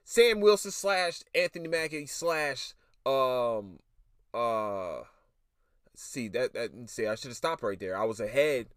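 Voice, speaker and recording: Rambling, lively young podcaster. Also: male voice, mid-range voice, takes it slowly, smooth, dry recording, studio quality. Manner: rambling, profane, animated, self-mocking. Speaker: podcast host. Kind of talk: casual solo podcast monologue.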